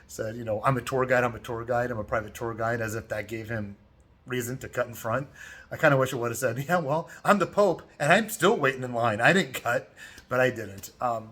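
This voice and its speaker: A middle-aged man chatting casually as a travel vlogger in a hotel room, telling stories in a talkative way and growing loud as he retells a quarrel. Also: medium pitch. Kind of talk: casual vlog chat.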